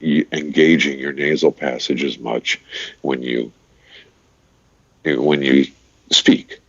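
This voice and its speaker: Deep-voiced man explaining voice technique. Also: little pitch movement, slow pace, vocal fry, fairly bright tone, dry recording, dull audio. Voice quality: deep, resonant voice. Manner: explains vocal technique in an easy, chatty way. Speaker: guest, voice-over artist and radio DJ. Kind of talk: casual interview chat.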